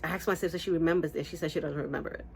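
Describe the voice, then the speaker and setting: A woman's voice: very fast, creaky, a little hiss or hum. A woman vlogger casually telling a story to camera, rambling with restarts and asides. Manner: lively, acts out quotes with big pitch jumps. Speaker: beauty vlogger.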